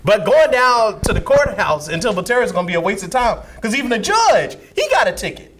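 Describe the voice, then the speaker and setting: A man co-hosting a casual comedic talk show, animated and laughing as he tells stories. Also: high voice, brisk. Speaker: co-host.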